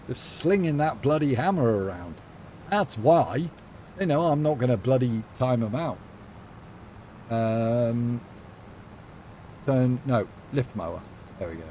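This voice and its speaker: A man's voice: mid-range voice, animated, slow pace, long pauses, warm tone, slight background noise. A young man streaming a farming game, chatting playfully and sassily with lots of fillers. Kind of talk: casual live-stream chat while gaming.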